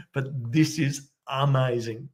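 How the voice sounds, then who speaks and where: A man giving excitable live play-by-play commentary as a fan watchalong host, keeping his voice down at home late at night. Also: medium pitch. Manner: excitable, bursts into loud cheering; kept quiet since it is night at home. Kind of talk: live match commentary for viewers.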